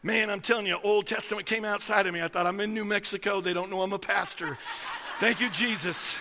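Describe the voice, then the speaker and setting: High, bright-voiced pastor preaching. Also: male voice, fast, long reverb tail. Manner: folksy, storytelling, emphatic preaching. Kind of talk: sermon.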